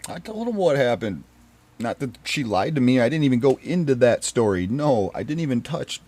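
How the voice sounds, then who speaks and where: Recounting his marriage, a man speaks at normal speed in a medium-pitched, sing-song voice. The story is painful, and he tells it earnestly and ramblingly, repeating and restarting, frequently falling quiet.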